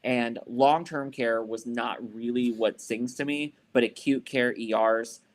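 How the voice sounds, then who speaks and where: A man with a medium, fairly even voice speaks at a measured pace as a podcast co-host. Chatting casually, he rambles through a story, swearing and filling it with plenty of "like" and "you know."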